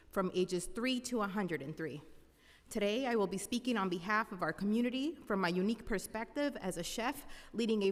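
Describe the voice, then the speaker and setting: A woman with a mid-range voice reads prepared testimony to a council committee. Her delivery is steady and formal, as written remarks tend to be. A long reverb from the large hearing room trails each phrase. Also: medium pitch. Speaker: executive chef testifying.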